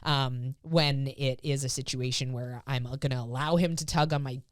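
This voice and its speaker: Low-voiced woman telling a lively story. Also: normal speed, dry recording, studio quality. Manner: animated storyteller, acts out voices, laughs often. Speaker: dog trainer and podcast co-host. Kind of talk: casual podcast chat.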